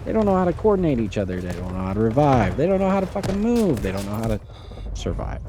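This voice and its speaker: A male streamer calls his game live in a profane, exasperated rant, his pitch swinging widely. He breaks into incredulous outbursts at his teammates while faint gunfire sounds behind him. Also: very animated, brisk, darkish tone, a little hiss or hum. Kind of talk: live gameplay commentary.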